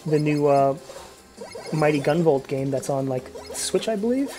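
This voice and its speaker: A man's voice: on the high side, little pitch movement, unhurried, music in the background. Rambling, cursing young man commentating a game. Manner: rambling, profane, full of fillers and restarts. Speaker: let's play commentator. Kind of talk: casual gameplay commentary.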